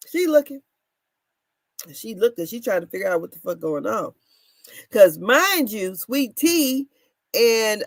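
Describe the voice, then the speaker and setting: A woman in her thirties casually recapping reality TV drama, animated and laughing, her voice swinging between loud and soft. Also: on the high side, dry recording. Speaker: commentary show host.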